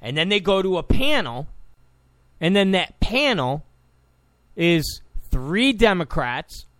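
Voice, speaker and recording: A political commentator with a high, very animated, fairly bright voice speaks slowly in a dry recording. His opinionated monologue is combative and sarcastic, repeating points for emphasis.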